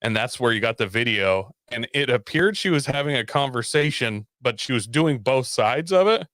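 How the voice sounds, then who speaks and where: A man casually telling a story on a talk show, animated and profane, laughing often. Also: medium pitch, normal speed, no room sound, clean studio sound. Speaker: podcast guest telling a story.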